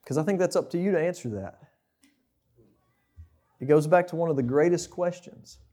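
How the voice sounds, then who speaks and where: A man's voice: on the high side, normal speed, dark tone. A young man preaching a conversational sermon, asking the listeners questions.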